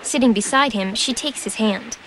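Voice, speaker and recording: A woman reading a scripted audio description of a film in an even, measured manner. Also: fairly high pitch. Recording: narration over loud film noise.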